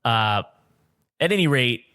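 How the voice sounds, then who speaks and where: A man's voice: mid-range voice, a little slow. Profane, laughing male podcast storyteller. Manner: animated, profane anecdote telling with frequent laughs. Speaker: podcast co-host. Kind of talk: casual storytelling chat.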